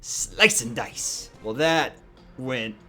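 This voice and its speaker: A man's voice: medium pitch, very slow, pushed and bright, soft background music. Profane, sarcastic young man commentating a game. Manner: profane, sarcastic, talking to himself. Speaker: gaming video host. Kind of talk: casual gameplay commentary.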